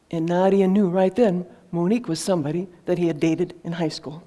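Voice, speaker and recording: A woman's voice: lowish voice, steady tone, a little fast, few pauses, warm tone, dull audio. A woman author telling a heartfelt story to an audience in an earnest, conversational way, with fillers and restarts. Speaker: author presenting her book.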